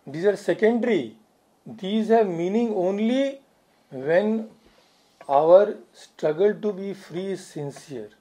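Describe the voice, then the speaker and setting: A man speaks as a swami giving a spiritual talk. His voice sits somewhat high but sounds mellow. He is earnest and repeats key phrases for emphasis. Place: society hall.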